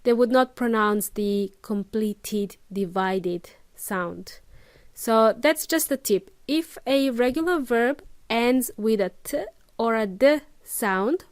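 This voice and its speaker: A woman teaches English on her podcast in a relaxed, unhurried spoken lesson. Her voice sits slightly high and comes across dry and close, with no room sound. She explains patiently and keeps checking that her listeners follow along. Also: clear, resonant tone, no room sound.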